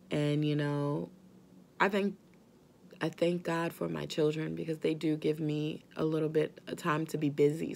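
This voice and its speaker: Low, gravelly-voiced woman, earnest and gentle. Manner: earnest, gentle, reassuring, speaks straight to the viewer. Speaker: vlogger; mother. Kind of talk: heartfelt direct-to-camera talk.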